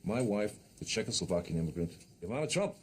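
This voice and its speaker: A bragging bossy tycoon, deep voice, swings all over, faint hiss behind. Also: male voice, sing-song, fast. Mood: boastful. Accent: New York. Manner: boastful, interrupts, bossy, rambling. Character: boastful tycoon, crude and bossy, man. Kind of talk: satirical comedy film acting.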